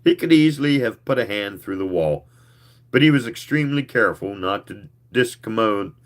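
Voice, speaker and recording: A man reading a novel aloud, expressive and sometimes stumbling over words. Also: on the low side, moderate pace. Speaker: reader.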